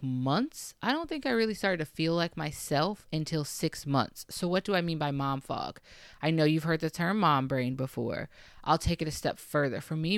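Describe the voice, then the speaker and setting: Young mom chatting to camera, smooth clear voice, dry close sound. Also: female voice, deep voice, dry recording. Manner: chatty, lots of "okay" and "like". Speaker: mom vlogger. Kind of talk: casual advice talk to camera.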